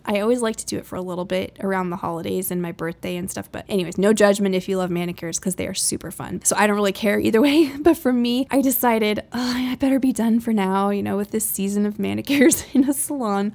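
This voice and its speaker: A woman's voice: medium pitch, darkish tone. A woman in her thirties hosting a casual faith-based podcast, chatty and upbeat, laughing often at herself. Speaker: podcast host.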